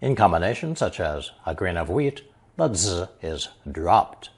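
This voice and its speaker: A man narrating a scripted language lesson, explaining slowly and carefully and reading example sentences aloud. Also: deep voice, big pitch swings, breathy edge. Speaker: language teacher.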